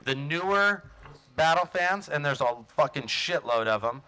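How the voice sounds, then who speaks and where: A man hosting a podcast, talking loud and fast with lots of laughing and swearing. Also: on the high side, animated, clean tone, rough recording. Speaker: podcast host. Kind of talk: casual banter.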